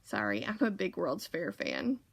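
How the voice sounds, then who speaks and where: A woman's voice: on the low side, huge pitch swings, a little slow, gravelly, heavily acted. A woman voicing a bookish girl who knows her facts, in a storybook reading.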